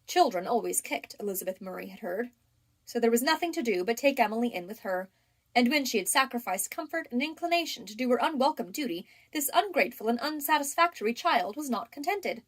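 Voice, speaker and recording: Her voice pitched fairly high, a woman narrates a classic novel for an audiobook. She keeps her storytelling steady and measured.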